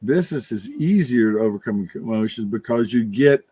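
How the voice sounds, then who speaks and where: An older man in casual conversation, thinking out loud in a rambling way, with many restarts and fillers. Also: mid-range voice, animated, brisk, husky, no echo. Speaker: podcast co-host. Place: room with his wife nearby.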